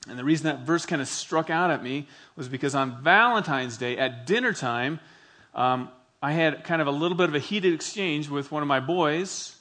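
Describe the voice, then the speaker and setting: A middle-aged man preaching a sermon to his congregation, earnest and emphatic, slowing down to stress key phrases. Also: fairly high pitch, sharp tone. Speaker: pastor.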